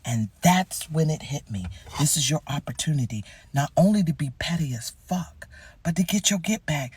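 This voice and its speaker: A woman who works as a medical receptionist, telling a story in a casual, animated, wry way and swearing freely. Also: deep voice, normal speed, breathy edge, dry recording.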